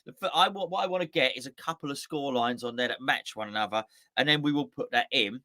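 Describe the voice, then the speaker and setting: Bright, chatty man hosting. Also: mid-range voice, quick pace. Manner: rambling, chatty, correcting himself often. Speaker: host. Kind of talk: casual live-stream chat.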